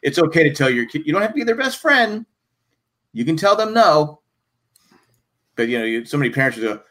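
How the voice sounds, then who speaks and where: Older man telling animated stories. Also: mid-range voice, fast, long pauses. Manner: animated storyteller acting out quotes. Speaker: podcast co-host. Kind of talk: casual chat.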